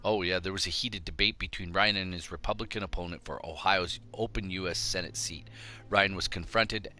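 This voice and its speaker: Deep-voiced man ranting bluntly. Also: steady tone, fairly quick, sharp tone. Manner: blunt, combative, preachy. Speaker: show host. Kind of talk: ranting opinion monologue.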